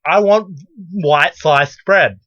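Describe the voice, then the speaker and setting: A woman's voice: sits low, slow pace, a bit bright, no echo, dull audio, voice pushed up. A woman voicing an entitled, demanding middle-aged female customer who insists and repeats herself. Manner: insistent, repetitive.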